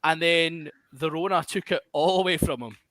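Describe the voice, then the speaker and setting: A man's voice: a little high, normal speed, a bit bright, no room sound. A Glaswegian man hosting a podcast in casual chat, jokey and self-mocking. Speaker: podcast host.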